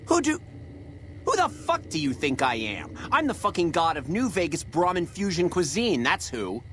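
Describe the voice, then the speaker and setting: A volatile, foul-mouthed chef , voiced by a man, bellows profane tirades at his kitchen staff. The voice sits in an ordinary middle male pitch, with a faint hiss under the game audio. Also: lively intonation, normal speed, fairly bright tone, natural voice. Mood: raging.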